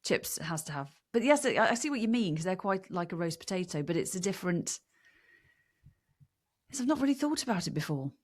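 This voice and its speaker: A woman's voice: fairly low pitch, very animated, brisk. Amused, hesitant woman on a podcast. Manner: hesitant, amused, restarts often. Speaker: podcast co-host. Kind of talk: casual chat.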